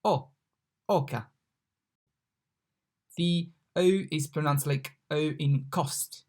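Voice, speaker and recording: A language mentor giving a recorded online lesson, patiently repeating each example word slowly. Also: medium pitch, a little mellow.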